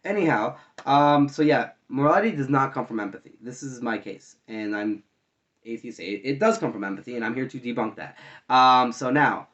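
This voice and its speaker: A man's voice: medium pitch, moderate pace, fairly bright tone, highs cut off. A man arguing his views in a casual, rambling monologue to his viewers, with frequent fillers and restarts. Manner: conversational, argumentative, many fillers and restarts. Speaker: online commentator.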